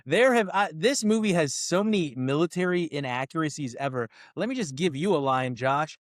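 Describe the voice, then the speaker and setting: High-pitched male co-host, ranting and exasperated, dry close mic; casual podcast review. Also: expressive, brisk, dry recording. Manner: ranting, exasperated, quotes lines in mocking voices. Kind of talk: casual movie review chat.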